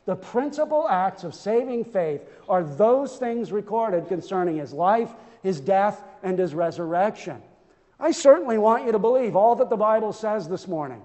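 A man's voice: high voice, expressive, normal speed, dark tone, big-room sound. A man preaching a sermon in a church, earnest and emphatic, often stumbling over repeated words as he restarts.

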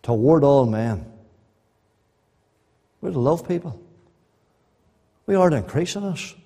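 A man preaching a sermon, swinging between loud rising appeals and quiet, earnest asides. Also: fairly high pitch, expressive, slow, breathy edge. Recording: long hall reverb.

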